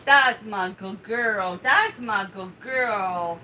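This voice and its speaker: A woman's voice: mid-range voice, very slow, background noise. A woman hosting a live stream, talking casually while she grooms her dog, with a coaxing, soothing baby-talk manner. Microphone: home live-stream setup.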